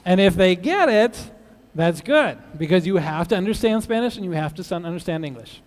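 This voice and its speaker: A man's voice: high-pitched, animated, a little fast. A man speaking at a teachers' conference, telling jokes and asking the audience questions in a playful way. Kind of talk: joke-telling talk to an audience. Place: large conference hall. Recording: long reverb of a large hall.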